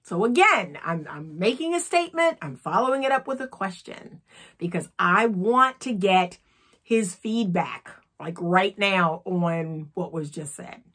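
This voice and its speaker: A woman's voice: fairly low pitch, lively intonation, a little slow, fairly bright tone. A woman coaching viewers in an earnest instructional talk, often checking in with "okay?". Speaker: relationship coach.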